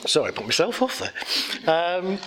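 A man's voice: sits high, wildly swooping pitch, a little fast, bright, forceful tone, slight background noise. A man giving a motivational talk to an audience, blunt and rambling, telling anecdotes with self-deprecating laughs.

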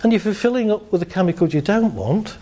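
Guy leading a group visualization, soft dark tone, high-ish pitch, easygoing coach. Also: fast. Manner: calm, coaching, laughs lightly between points. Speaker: therapist. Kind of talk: guiding a group through a visualization exercise.

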